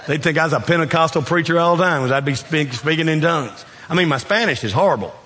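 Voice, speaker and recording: Southern kentucky pastor guy preaching, jokey and folksy, long church echo. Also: fast. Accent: Southern US, South Central Kentucky. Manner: folksy, joking, rising to loud emphatic peaks then dropping low. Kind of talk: sermon. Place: church sanctuary. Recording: long hall reverb.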